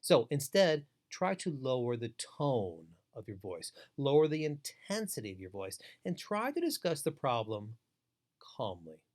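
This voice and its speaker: A man lectures in a training webinar with an animated, wide-ranging voice. He is emphatic and instructive, repeating key phrases to drive them home. He sounds middle-aged and speaks as an experienced trainer. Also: mid-range voice, measured pace. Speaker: foster care trainer.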